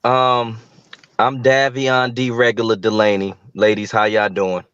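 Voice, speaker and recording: Guest: an upbeat man from Newark with a smooth voice on muffled, lo-fi audio. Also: lowish voice, level tone, unhurried, fairly bright tone, no room sound. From Newark, New Jersey. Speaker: guest panelist. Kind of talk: casual panel chat.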